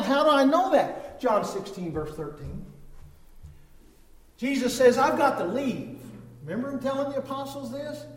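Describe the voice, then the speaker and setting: High-pitched preacher in an echoey hall. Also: male voice. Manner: emphatic, shifting between loud stresses and low drawn-out phrases. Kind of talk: sermon.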